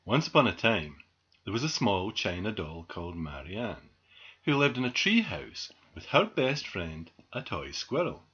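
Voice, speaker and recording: Slow, very expressive male storyteller. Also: lowish voice, slightly rough. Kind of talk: children's story reading. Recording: dull lo-fi recording.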